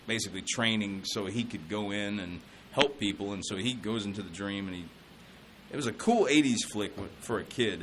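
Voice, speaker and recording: A man's voice: on the low side, a bit bright, slight background noise, low-quality recording. A man co-hosting a radio show, telling a rambling story in casual studio banter. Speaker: radio co-host.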